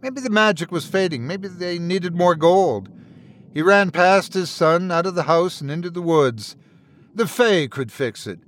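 A male storyteller reads a dark tale in measured, somber narration. His voice sits a little above the usual male pitch. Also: slight background noise. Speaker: storyteller, podcast host. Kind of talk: scripted horror narration.

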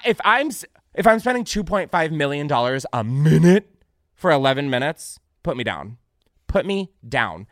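A man hosting a comedic podcast, reacting loudly to what he reads, swearing freely and laughing often. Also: a little high, no room sound, studio quality. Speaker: podcast host.

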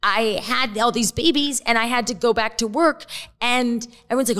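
A middle-aged woman speaking as a podcast guest in casual chat, candid and quick to swear. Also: fairly high pitch, smooth. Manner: candid, profane and animated.

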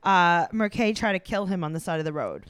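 A woman's voice: fairly low pitch, brisk, smooth, no room sound. A woman co-hosting a casual chat, animatedly recapping a show and slipping into quotes. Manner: animated, breaks into quoted voices. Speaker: podcast co-host.

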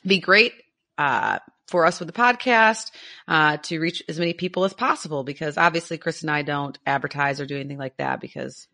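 Bright-voiced, enthusiastic woman podcaster. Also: low-pitched, brisk, creaky. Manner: chatty and enthusiastic, laughs often. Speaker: podcast co-host. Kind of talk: casual podcast chat.

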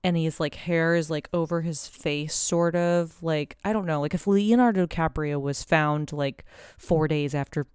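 A woman co-hosting a podcast over a video call, telling a story in a casual, animated way with lots of fillers and some swearing. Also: low-pitched, normal speed, smooth, no room sound, clean studio sound. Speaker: podcast co-host.

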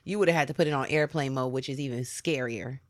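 A young woman co-hosting a casual podcast, teasing her friend with quick interjections. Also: very deep voice, dry recording, clean studio sound. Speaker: podcast co-host.

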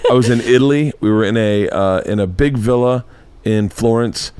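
A middle-aged man hosting a podcast, chatting loosely and telling stories with animated energy. His voice sits at an ordinary pitch. The recording is dry and close, with no room sound. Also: normal speed, clear, resonant tone, no room sound. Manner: animated storyteller, swears freely. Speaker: podcast host. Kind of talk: casual chat.

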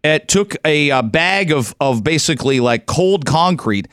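A man's voice: on the high side, unhurried, no echo, clean studio sound. Emphatic Canadian talk radio host, man. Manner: animated, emphatic, opinionated.

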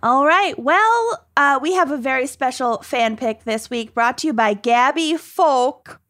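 A woman hosting a casual podcast, with a drawn-out, playful delivery. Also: sits high, animated, a bit bright. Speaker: podcast host. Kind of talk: casual chat.

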